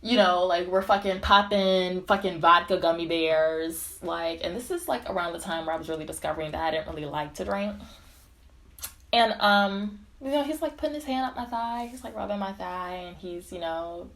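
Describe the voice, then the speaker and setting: A young woman telling a casual storytime tale, animated and profane, laughing often. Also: fairly low pitch, moderate pace.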